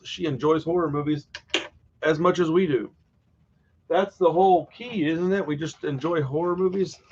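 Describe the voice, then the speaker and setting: A man's voice: a little high, lo-fi sound. A man hosting a horror live stream, chatting casually and wandering off topic from home. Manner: rambling, easily sidetracked, chatty.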